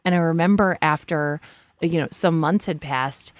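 A woman's voice: sits low, moderate pace, no echo. A woman in her forties speaking as a guest, talking candidly with frequent fillers, restarts and blunt profanity. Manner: frank, profane, self-deprecating, many fillers and restarts. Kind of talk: candid conversational storytelling.

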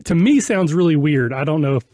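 A man's voice: a little high, lively intonation, brisk, mellow, dry recording. A man hosting a casual podcast chat, talking in a chatty, self-deprecating way with a weak, slightly off voice from a cough. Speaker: podcast host.

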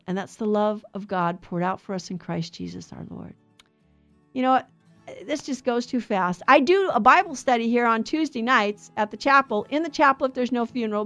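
A woman's voice: a little high, fairly bright tone. Earnest woman preaching on scripture. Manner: earnest, exhorting, motherly asides. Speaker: Bible study host. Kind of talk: sermon-style Bible teaching.

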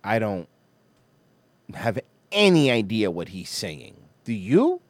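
A man's voice: lowish voice, huge pitch swings, slow pace, no room sound. A man hosting a casual livestream, reacting animatedly and swearing freely. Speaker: livestream host.

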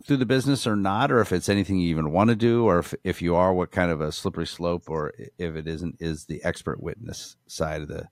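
Guy hosting a podcast, lowish voice, easygoing and kinda halting, dry mic. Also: dry recording. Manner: laid-back, hesitant with filler words. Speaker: podcast co-host. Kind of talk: casual podcast interview.

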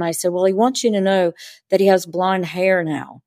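A woman who works as a spiritual teacher tells stories in an interview, earnestly and vividly acting out the dialogue. Her voice is mid-range and a little mellow, at a moderate pace. The recording is dry and studio quality.

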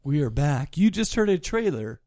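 A high-pitched man riffs through a movie review on his podcast. He rambles, jokes and stumbles over foreign names, his voice dry and close. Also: sing-song, moderate pace, warm tone, no room sound. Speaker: podcast co-host. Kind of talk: casual comedic movie review chat.

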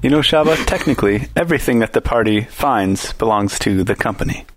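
A man's voice: on the low side, lively intonation, brisk. An easygoing man playing a tabletop role-playing game, laughing and reading out his dice rolls. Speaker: player. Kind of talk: casual tabletop role-play chat.

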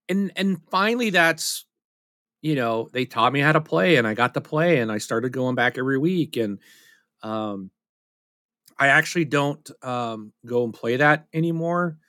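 Bright, candid man on a podcast. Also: medium pitch, expressive, unhurried, no room sound, clean studio sound. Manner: candid, self-deprecating, rambling with restarts. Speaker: podcast co-host. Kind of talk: casual chat.

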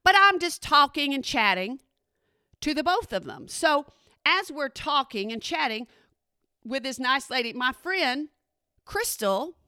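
A middle-aged woman telling a story in a chatty, animated way and often checking in with her listeners. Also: sits high, no room sound, studio quality. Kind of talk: casual spoken storytelling.

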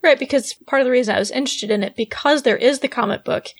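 Upbeat woman, slightly high voice. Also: fast talker. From England. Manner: upbeat, asks questions. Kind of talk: casual chat.

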